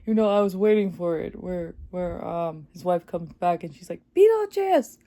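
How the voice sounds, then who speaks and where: A woman giving a casual, excited movie review, chatty and full of fillers, laughing often. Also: fairly low pitch, moderate pace. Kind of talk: casual spoiler review vlog.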